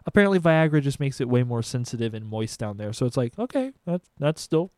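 A young man casually telling crude stories on a podcast, animated and profane. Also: mid-range voice, fairly quick, background noise. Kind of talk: casual storytelling chat.

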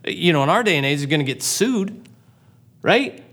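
Guy preaching a sermon, lively and chatty, jumps into voices for the people in the story. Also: a little high. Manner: animated, acts out characters' lines in quick asides. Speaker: pastor.

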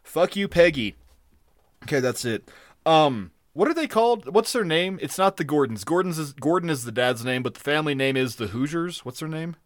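A man with a slightly high voice rants through a casual podcast review, swearing freely and jumping between gripes. His voice sits close and dry on the mic, with no room sound around it. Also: normal speed, no echo. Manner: profane, ranting, animated. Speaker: podcast co-host. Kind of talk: casual episode review chat.

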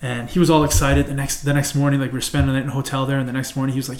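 Casual podcast co-host: quick Canadian man, rambling and profane, echoey room. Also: mid-range voice, level tone. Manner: rambling, profane anecdote telling. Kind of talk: casual storytelling. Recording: roomy echo.

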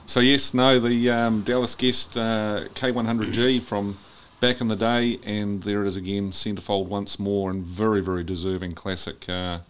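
A man with a New Zealand accent co-hosting a casual podcast chat, easygoing and quick to agree. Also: lowish voice, flat delivery, clean tone. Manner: easygoing, lots of yeah agreement. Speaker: podcast co-host.

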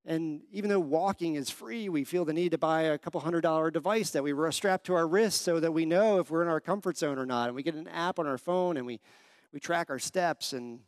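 A young male pastor gives a conversational sermon in a fairly high, bright voice. He tells stories and asks his listeners questions. The sound is dry and close, with hardly any room echo. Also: fairly quick.

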